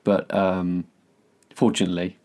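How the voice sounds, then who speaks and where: A man with a very low, deep voice, co-hosting a relaxed podcast. He tells his stories in a laid-back way and chuckles often as he goes. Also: measured pace. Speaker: podcast co-host. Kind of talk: casual chat.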